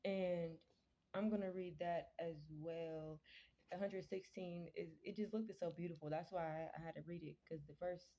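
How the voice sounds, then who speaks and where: A woman's voice: lowish voice, fairly even intonation, warm tone. Chatty woman reading scripture, lo-fi. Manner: chatty, slow careful reading with stumbles. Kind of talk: casual Bible reading and commentary. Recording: dull lo-fi sound.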